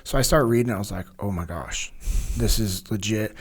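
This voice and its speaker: A man's voice: fairly low pitch, normal speed, breathy edge. A man as a podcast guest, telling a story in an earnest, openly emotional way, rambling with many restarts.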